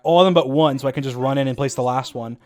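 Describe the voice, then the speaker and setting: A man's voice: mid-range voice, fast talker, darkish tone. A young man streaming, casually talking through his own gameplay with rambling restarts and frequent chuckles. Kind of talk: casual gaming commentary.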